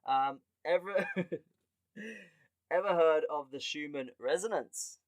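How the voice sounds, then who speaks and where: Animated, swearing podcast host man. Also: a little high, takes it slowly, no echo. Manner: animated, laughs often, swears casually. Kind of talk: casual comedic monologue.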